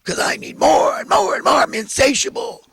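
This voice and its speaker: A man voicing a greedy, insatiable landlord who gloats and shouts his demands. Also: extremely high pitch, very animated, moderate pace, gravelly, no room sound, pitched above the performer's own voice, exaggerated voice. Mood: gloating greedy.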